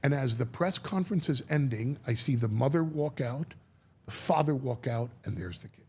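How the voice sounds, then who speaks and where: A man talking as a guest, telling a story in a lively way, acting out quotes and often restarting his sentences. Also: medium pitch, slightly rough. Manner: animated storyteller, acts out quotes, halting restarts. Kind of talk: storytelling chat.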